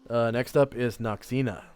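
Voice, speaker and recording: A man narrating a tabletop game as game master, in a measured, unhurried way with fillers. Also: mid-range voice, a little mellow.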